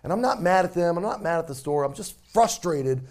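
A man's voice: on the high side, animated, fairly quick, darkish tone. A man in his forties, a pastor preaching a sermon as a casual, self-deprecating story.

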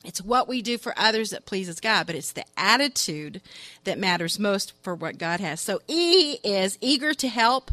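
A woman's voice: medium pitch, expressive, moderate pace, pushed and bright, dry recording. A woman who coordinates funerals at her church, giving an earnest devotional talk with a joke in it. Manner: earnest and exhorting, telling a joke.

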